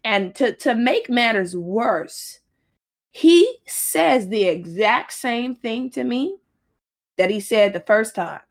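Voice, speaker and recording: Animated, profane woman telling a story. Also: slow pace. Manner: animated, profane, laughs often, swings into high-pitched outbursts. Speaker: storyteller recounting her dating life. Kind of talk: casual storytime monologue.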